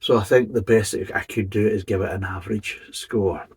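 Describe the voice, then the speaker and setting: A man's voice: on the low side, fairly even intonation, moderate pace, a little mellow, breathy edge, low-quality recording. A man giving a casual, methodical beer review, describing each flavour in detail. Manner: methodical, detailed tasting commentary.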